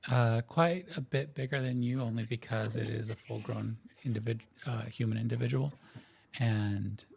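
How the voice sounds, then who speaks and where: A man narrating as game master in a tabletop game, relaxed and easygoing, with frequent hesitant fillers. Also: medium pitch, moderate pace, creaky, slightly rough.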